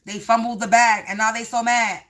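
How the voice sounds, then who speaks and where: A woman's voice: a little high, flat delivery, moderate pace, fairly bright tone. A woman giving a livestream tarot reading, speaking in repetitive, half-rhyming phrases and addressing viewers as the collective. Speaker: tarot card reader.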